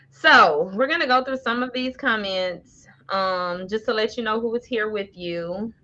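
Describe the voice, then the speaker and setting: Slow-talking woman reading live comments. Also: medium pitch, bright, forceful tone, muffled recording. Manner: laughs often, calls people honey and baby. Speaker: livestream host.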